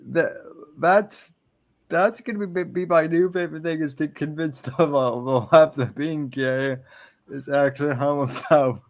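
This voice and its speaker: Halting, gravelly-voiced podcast man. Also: fairly high pitch, steady tone. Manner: halting, stumbles and repeats words. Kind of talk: casual podcast chat.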